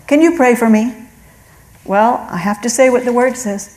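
A woman's voice: a little high, moderate pace, darkish tone, low-quality recording. A middle-aged woman giving an earnest spoken testimony, telling her story and acting out the voices of God and of callers. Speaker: testimony speaker.

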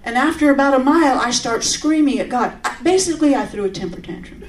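A woman's voice: high voice, moderate pace. Earnest woman preaching a testimony, roomy. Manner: earnest, conversational, with sudden animated outbursts. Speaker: speaker giving a testimony. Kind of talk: testimony sermon. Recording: roomy, from a distance.

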